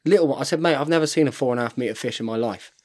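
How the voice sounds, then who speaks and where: Racing along in a mid-range voice, this man in his thirties is a rugby player guesting on a podcast. He tells stories casually and keeps dropping "mate" all the time.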